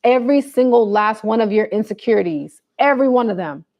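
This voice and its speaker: A woman talks straight to her viewers in a casual, sassy style, handing out blunt and preachy advice. Her voice sits on the higher side. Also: lively intonation, fairly quick, muffled recording. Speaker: vlogger giving advice. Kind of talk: casual livestream chat to viewers.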